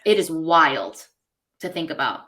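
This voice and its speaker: A woman's voice: sits low, big pitch swings, unhurried, pushed and bright. Earnest New woman hosting a podcast. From New York. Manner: earnest and reflective, with many "like"s and "you know"s. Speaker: podcast host. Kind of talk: casual podcast conversation.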